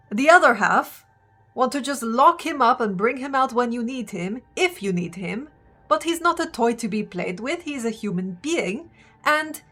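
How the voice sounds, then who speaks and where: A woman with a bright, clear voice plays a tabletop game. She chats casually, then argues with passion for her character. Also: high voice. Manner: impassioned when speaking in character. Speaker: player.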